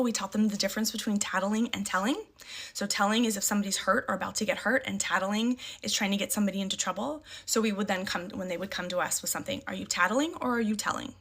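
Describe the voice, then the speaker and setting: A woman's voice: mid-range voice, fairly bright tone. Emphatic middle-aged mother repeating firm one-liners. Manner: emphatic, repeats short catchphrases, acts out firm replies to her kids. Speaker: parent sharing parenting advice. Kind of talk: casual talk to camera.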